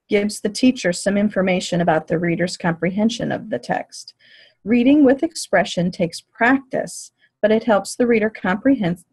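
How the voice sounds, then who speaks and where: A woman giving a lecture on teaching reading, in a clear, measured, explanatory way. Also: medium pitch, a little mellow. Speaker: teacher educator.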